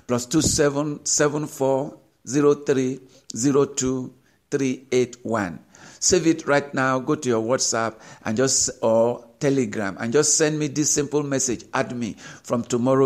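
A man's voice: mid-range voice, a little mellow. A man preaching a sermon as a pastor, pressing his listeners with rhetorical questions and rising emphasis.

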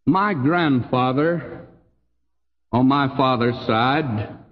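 An older man with a Texan accent preaching a sermon in a folksy, emphatic way, his voice swooping high on key phrases and dropping low. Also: extremely slow, big-room sound, muffled recording. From Texas. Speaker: pastor.

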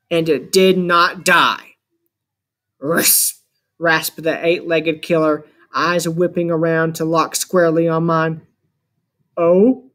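A man reading a first-person adventure story aloud as an audiobook narrator, with measured, dramatic storytelling. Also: a little high, fairly bright tone.

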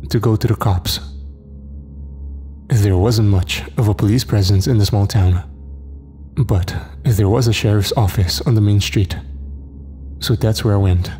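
A man narrating a scripted horror story in a steady, measured way. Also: on the low side.

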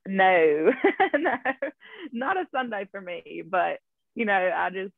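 A woman's voice: medium pitch, sing-song, slow pace, vocal fry, no echo, narrow, tinny audio. A woman guest sharing her faith story in casual interview talk, chatty and full of fillers. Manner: chatty, laughs often, storytelling with many fillers.

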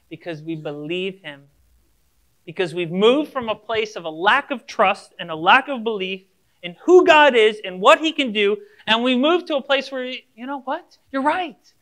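A man with a bright, forward voice preaching a sermon in a relaxed, chatty way. He talks directly to the congregation as a pastor would. He often slips into little acted-out conversations to make his point. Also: high-pitched. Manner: casual, addresses listeners directly, acts out imagined dialogues.

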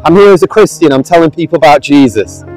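A man's voice: on the high side, lively intonation, fast talker, darkish tone, faint music behind, poor audio. A man preaching to passers-by outdoors, earnest and pleading, raising his voice at times. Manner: earnest, pleading, raises voice to the street. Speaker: street preacher. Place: outdoors on a busy street.

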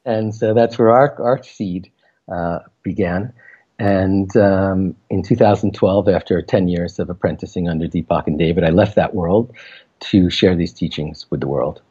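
Man, meditation teacher guest, deep mellow voice, dull lo-fi sound. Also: husky. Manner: relaxed, halting with fillers. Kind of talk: casual interview.

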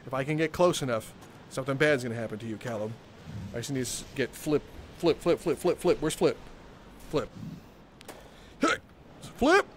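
A man live-streaming a game, joking with his chat, with bursts of laughter and loud theatrical exclamations. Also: medium pitch, a little fast, a little hiss or hum.

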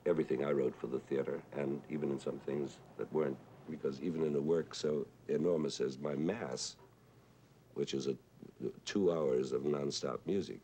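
A man with a husky voice, talking thoughtfully on television about songwriting, pausing with "uh" as he explains. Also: rumbling low, fairly even intonation, dark tone, slight background noise. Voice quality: husky "whiskey voice". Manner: thoughtful, pauses with "uh", explains with sung examples. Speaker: composer recalling a friend. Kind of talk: reflective televised talk.

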